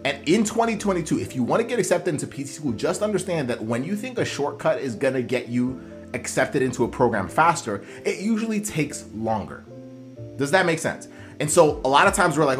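A man's voice: a little high, sing-song, brisk. Earnest male coach over faint music. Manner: earnest, repetitive, many fillers and restarts. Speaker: admissions coach for physical therapy school applicants. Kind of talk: motivational coaching talk.

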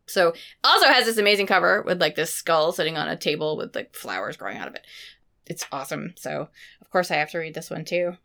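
A woman's voice: on the low side, lively intonation, brisk, gravelly, pushed and bright. A woman co-hosting a book podcast, chatting casually and enthusiastically with many "like"s, while a bit sick. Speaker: podcast co-host.

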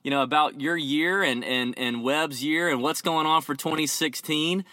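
A man's voice: on the high side, normal speed, bright, forceful tone, no room sound. A man hosting a podcast in a friendly, joking manner, with plenty of casual fillers. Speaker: podcast host.

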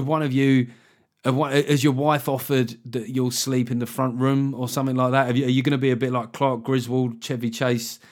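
A man's voice: mid-range voice, darkish tone. A middle-aged man hosting a solo comedy podcast, rambling wryly and swearing as he goes. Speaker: podcast host.

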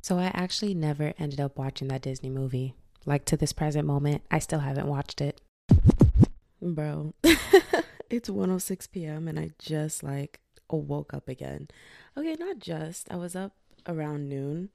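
Lying in bed indoors with music in the background, a fatigued podcast host in her twenties chats in a deep, expressive voice with vocal fry at a moderate pace. Her monologue is loose and profane, and she does voices for people she quotes.

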